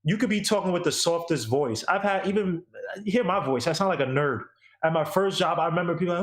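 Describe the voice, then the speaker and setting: A man's voice: fairly high pitch, fast, roomy sound. A man co-hosting a podcast, ranting in an emphatic, repetitive, slangy way during casual opinion chat. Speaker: podcast co-host.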